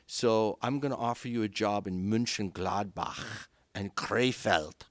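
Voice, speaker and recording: Lively storytelling middle-aged man. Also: lowish voice, dry recording. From Canada. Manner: animated, acts out quoted voices. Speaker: conductor, guest. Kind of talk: anecdotal storytelling. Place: podcast studio.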